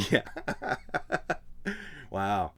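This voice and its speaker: A man's voice: on the low side, very slow, vocal fry, fairly bright tone. A man co-hosting a comedy true crime podcast, joking and mock-quoting people in funny voices. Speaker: podcast co-host. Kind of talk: casual comedic recap chat.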